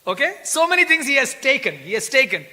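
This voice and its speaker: A man delivers a scripture class in a very high, bright voice, breaking into laughter and acting out pleading voices as he goes. The sound rings with the long reverb of a temple hall. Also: fast. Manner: animated, laughing, acts out quoted pleas. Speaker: temple speaker.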